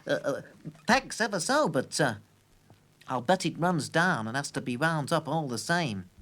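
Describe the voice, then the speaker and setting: A man's voice: fairly high pitch, sing-song, moderate pace, fairly bright tone. A man voicing a fussy male clock shopkeeper who hems and haws. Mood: wheedling. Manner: hesitant, full of uh's.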